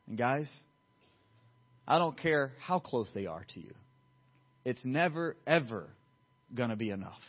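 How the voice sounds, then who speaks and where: Emphatic pastor man, muffled sound. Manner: swings from loud emphatic to quiet low asides. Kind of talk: sermon. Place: church sanctuary.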